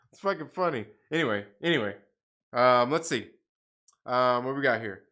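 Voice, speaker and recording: Hosting a casual livestream, this man speaks at normal speed in an animated, mid-range, sharp-toned voice. He swears heavily, laughs, and rants repetitively in response to chat comments.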